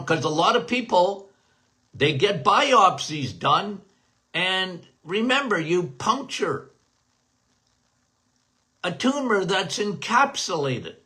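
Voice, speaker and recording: A middle-aged man, a doctor hosting a health Q&A podcast, speaks in a high, bright, forceful voice. He talks casually to his listeners, calling them guys and repeating phrases for emphasis.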